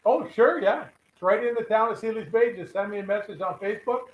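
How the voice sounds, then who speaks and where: A man's voice: high-pitched, quick pace, reverberant, lo-fi sound. A man, a regular guest on a live fishing show, telling rambling anecdotes full of quoted dialogue. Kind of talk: casual storytelling chat.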